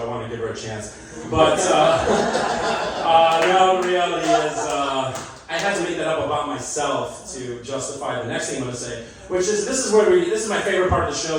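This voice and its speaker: Man doing stand-up in an echoey club. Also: on the high side. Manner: self-deprecating, chatty, laughs at his own jokes. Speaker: stand-up comedian. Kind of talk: stand-up comedy set. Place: comedy club stage. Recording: roomy echo, voice from a distance. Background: audience laughter and call-backs.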